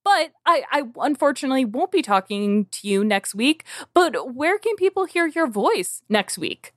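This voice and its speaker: A woman's voice: sits high, sing-song, moderate pace, fairly bright tone, no echo, studio quality. A woman with a Chicago accent co-hosting a casual podcast, rambling and giggly, full of fillers and restarts. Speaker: podcast co-host.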